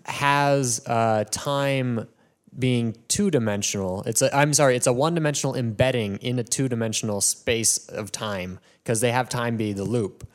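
A man chatting on a podcast in a mid-pitched voice that sits slightly lower than usual. He stops often, hunts for words and starts over. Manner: halting, searches for words, restarts. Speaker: podcast co-host. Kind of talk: casual chat.

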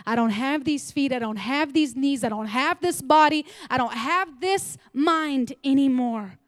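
A woman preaching a sermon to a church, animated and laughing, sometimes dropping into whispers. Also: high voice, a little slow, no room sound.

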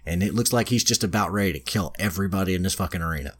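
Male podcast host, deep low voice, casual profane storyteller. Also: very fast, husky. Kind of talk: casual chat, retelling a plot.

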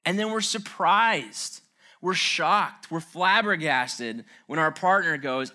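A man with a fairly high, bright voice gives an informal talk on relationships. He talks earnestly and conversationally, dropping in self-mocking asides. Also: slow. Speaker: speaker on relationships.

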